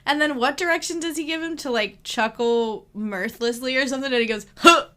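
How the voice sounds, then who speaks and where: A woman's voice: high-pitched, fairly quick, a bit bright. A woman co-hosting a movie podcast, chatting casually with frequent laughs. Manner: giggly, playful. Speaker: podcast co-host.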